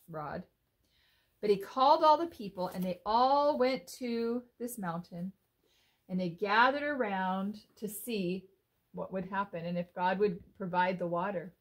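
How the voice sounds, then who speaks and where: A woman telling a Bible story to children in an animated, expressive way, often asking her listeners questions. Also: medium pitch.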